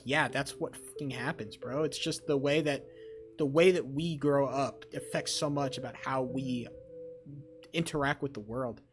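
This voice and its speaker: A young man chatting on a live stream, rambling and excitable with lots of swearing. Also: on the high side. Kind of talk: casual live-stream chat.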